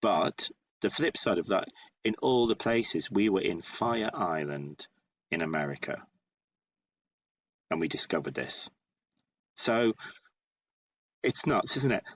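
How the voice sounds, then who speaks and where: A man of about fifty, speaking in a very deep register. He tells his story casually and with lively energy, often restarting his sentences. He sounds like a guest sharing an anecdote in an interview. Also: slow pace, pauses often. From northeast England. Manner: animated, chatty, many restarts. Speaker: guest playwright.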